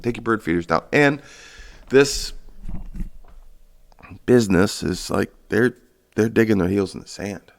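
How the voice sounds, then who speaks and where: Male podcast host, deep gravelly voice, sarcastic profane solo rant. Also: expressive, measured pace, long pauses. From Michigan, USA. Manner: sarcastic, profane, rambling with fillers.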